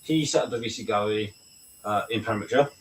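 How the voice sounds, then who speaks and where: A man's voice: on the low side, fast. A man, a British army veteran, talking candidly and bluntly in a casual chat, swearing freely and often asking "right?". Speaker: veteran guest. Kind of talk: casual video-call chat. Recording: distant mic with faint noise.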